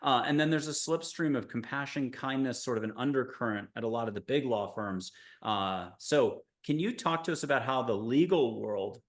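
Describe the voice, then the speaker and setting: A male podcast host asks long, meandering questions in a casual way. His voice sits at an ordinary middle pitch. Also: normal speed, hardly any pauses. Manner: rambling, metaphor-filled questions with fillers.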